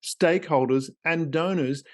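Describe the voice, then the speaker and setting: A man's voice: on the high side, unhurried, a little mellow. An Australian man hosting a business podcast with a playful, theatrical delivery and fond wordplay. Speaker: podcast host.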